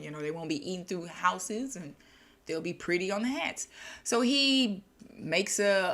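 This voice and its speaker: A woman's voice: fairly low pitch, a bit bright. A young woman casually retelling a short story in her own chatty words, with restarts and slang. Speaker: storyteller and channel host.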